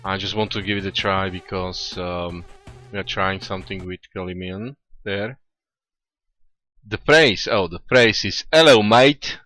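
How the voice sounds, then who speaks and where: A man with a deep voice talks slowly and casually on a live coding stream. English is not his first language, and he stops often to restart with fillers. Faint music plays behind him. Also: fairly even intonation, bright, forceful tone. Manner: hesitant, many restarts and fillers. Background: faint music playing.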